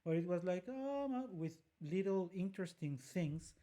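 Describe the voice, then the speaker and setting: A woman's voice: lowish voice, fairly even intonation, normal speed, dark tone. Woman breaking down a singer's phrasing. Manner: explanatory, demonstrates by singing phrases. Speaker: co-host and vocal coach. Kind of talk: analytical music commentary with sung examples.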